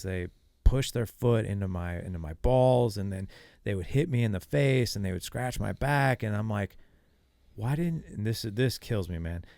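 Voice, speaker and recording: A man's voice: on the low side, vocal fry, no echo. A middle-aged man, a podcast guest, telling a story casually and acting out the dialogue. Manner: animated, acts out quoted dialogue.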